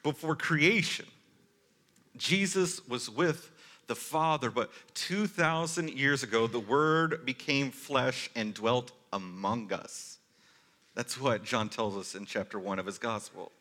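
A man delivering a sermon in an easygoing, animated way, breaking off into casual asides. His voice is bright and forward, pitched at an ordinary middle height. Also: takes it slowly. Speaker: pastor.

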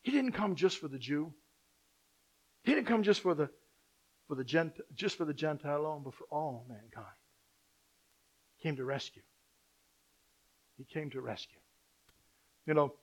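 A male pastor preaching a sermon, swinging from loud emphatic lines to quiet asides. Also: on the high side.

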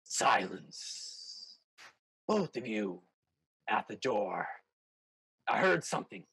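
A man voicing a sinister, deep-voiced being that gives low, hushed commands. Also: very animated, takes it slowly, slightly rough, no room sound, exaggerated voice. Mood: menacing.

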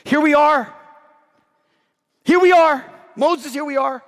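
A desperate, pleading band of ancient Israelites cries out in a high, urgent voice, as a preacher puts them on. The speaker is hoarse and short of breath. A long reverb trails behind him in an echoing hall. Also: male voice, takes it slowly. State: losing his voice, winded.

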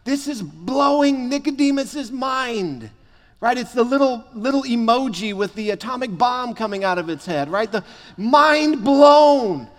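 A man's voice: very high voice, expressive, a little slow. A man preaching a sermon as pastor, emphatic and fond of repeating phrases for stress. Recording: long reverb of a hall.

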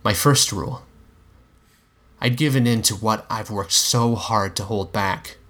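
A man giving a measured, dramatic reading of a dark fan fiction story. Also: fairly low pitch. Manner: measured, dramatic narration with acted dialogue. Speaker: story reader.

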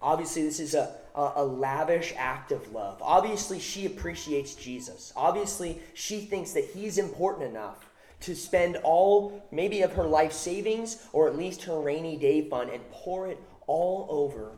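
A man's voice: fairly high pitch, animated, unhurried, a little mellow, reverberant. A man preaching a sermon, emphatic, repeating phrases for stress. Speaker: pastor.

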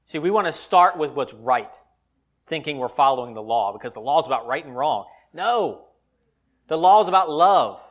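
Fervent preacher, bold and rising. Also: male voice, fairly high pitch, expressive, moderate pace. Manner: dynamic preaching, swinging from loud emphasis to quiet asides. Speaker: pastor. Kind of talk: sermon.

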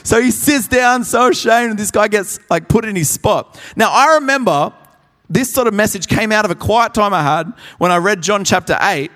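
A young man preaching a sermon at a conference, telling stories with animated energy and acting out the people in them. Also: high-pitched, moderate pace, big-room sound. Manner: animated storyteller, acts out voices. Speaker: pastor. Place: large conference hall.

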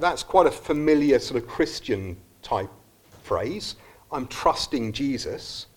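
Male preacher, earnest and reflective, lively rise and fall in his voice, mid-pitched. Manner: earnest, reflective, with some restarts. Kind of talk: sermon. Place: church service.

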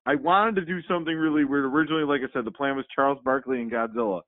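A man co-hosting a podcast, retelling a comic in a rambling, animated way with many fillers. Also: medium pitch, racing, dry recording. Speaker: podcast co-host. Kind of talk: casual chat. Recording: phone-like, dry sound.

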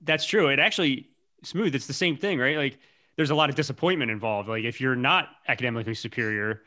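A man's voice: medium pitch, fast talker, sharp tone. A man hosting a casual podcast chat who jokes around and laughs often while asking questions. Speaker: podcast host.

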